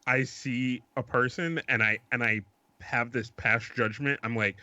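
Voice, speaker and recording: Bright-voiced halting podcast co-host, man. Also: medium pitch, lively intonation, dry recording, dull audio. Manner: halting, self-deprecating anecdotes with laughs. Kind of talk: casual podcast chat.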